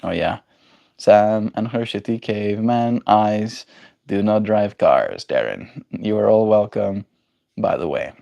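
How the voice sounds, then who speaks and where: Man, South African accent, lowish voice, gravelly, casual live-stream banter, jokey. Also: expressive, takes it slowly, warm tone, no room sound, lo-fi sound. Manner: joking, reads chat aloud and answers it. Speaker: livestreamer.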